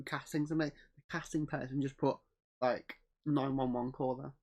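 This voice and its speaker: A man's voice: mid-range voice, fairly even intonation, moderate pace, a little mellow. A man co-hosting a podcast, adding short agreements and comments in a casual film chat. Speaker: podcast co-host. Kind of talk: casual movie review chat.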